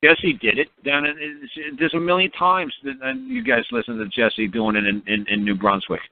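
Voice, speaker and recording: A man's voice: on the high side, sing-song, moderate pace, gravelly, no room sound. A man telling stories in a blunt, emphatic, repetitive way on a call-in radio show, often laughing at his own stories. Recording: tinny phone-line radio audio.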